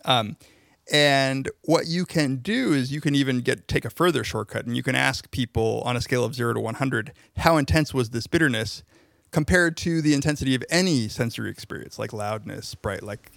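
A man with a gravelly, fry-edged voice works through a research question in casual podcast chat. He piles on "like"s and restarts as he explains, recorded close and dry. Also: medium pitch, fairly quick, fairly bright tone, no echo. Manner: explains at length with frequent "like" and restarts. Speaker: podcast co-host, social psychology researcher.

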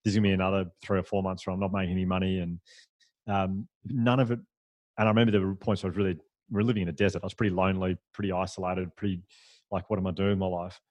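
A man who is a podcast guest, telling stories in a lively, chatty, self-deprecating way. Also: low-pitched, very fast, dry recording, lo-fi sound. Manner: animated, chatty, self-deprecating, with fillers and laughs. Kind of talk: conversational storytelling.

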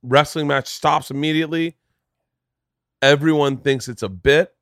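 A man hosting a podcast, telling stories in a casual, animated way, swearing freely and breaking into impressions. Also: measured pace, no room sound. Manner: animated storyteller, swears freely, jumps into high-pitched impressions. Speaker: podcast host. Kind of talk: casual chat.

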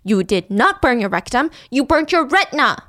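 A woman's voice: high-pitched, very animated, normal speed, a bit bright. A woman voicing a mother who firmly cuts off her daughter. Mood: exasperated. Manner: firm, exasperated.

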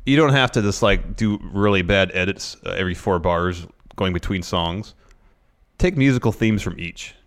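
A man co-hosting a relaxed podcast, talking with a low voice. He answers viewer questions in an easygoing, matter-of-fact way. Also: normal speed, smooth. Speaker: podcast co-host. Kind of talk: casual chat.

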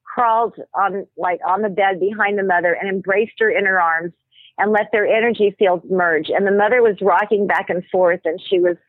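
A woman guest walks through her ideas in an earnest, explanatory manner, now and then pausing on an um. Her voice comes through a narrow, phone-like line with no room sound. Her pitch sits in an ordinary middle range. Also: steady tone, no room sound. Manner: earnest, explaining at length with occasional ums. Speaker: medical anthropologist guest. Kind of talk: explanatory interview talk. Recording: tinny phone-like line, dry.

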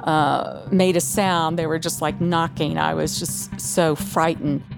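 A woman quietly recalling a frightening memory, haltingly and plainly. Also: deep voice, steady tone, gravelly, music in the background. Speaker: interviewee. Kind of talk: personal story told to an interviewer.

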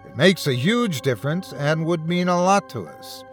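A man's voice: fairly high pitch, moderate pace, faint music behind. A man hosting a horror story podcast, giving a scripted narration. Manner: expressive storytelling, warm sign-off.

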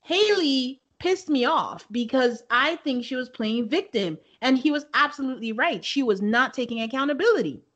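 A woman's voice: high-pitched, expressive, moderate pace, few pauses, fairly bright tone, muffled recording. A woman co-hosting a podcast, giving frank, emphatic opinions in casual chat. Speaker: podcast co-host.

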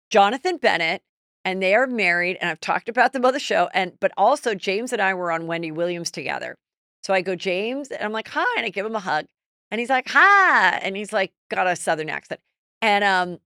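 A middle-aged woman hosting a celebrity gossip podcast, telling stories in a chatty, animated way. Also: medium pitch, no room sound, studio quality. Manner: chatty, animated storytelling with quoted asides. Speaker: podcast host. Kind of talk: casual celebrity gossip chat.

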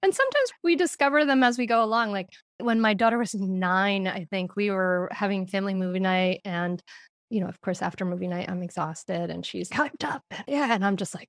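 A woman's voice: medium pitch, normal speed, no echo, clean studio sound. Laughing woman sharing parenting stories. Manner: animated, laughs often, acts out quotes. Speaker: podcast guest, parenting author. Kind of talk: casual interview talk.

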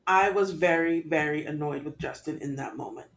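A woman co-hosting a podcast, recapping an episode in casual chat with expressive, exasperated commentary. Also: sits low, normal speed. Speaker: podcast co-host.

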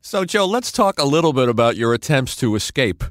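A male podcast host reacts with short remarks and asks his guest questions in a relaxed way. His voice has a middle pitch and is recorded close and dry. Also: brisk, dry recording. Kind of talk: casual interview. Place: studio.

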